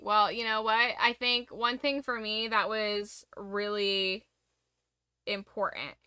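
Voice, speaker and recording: A woman's voice: mid-range voice, pushed and bright, clear, resonant tone, no room sound. A young woman streamer in a casual late-night chat, speaking candidly and reflectively about her struggles, rambling with restarts.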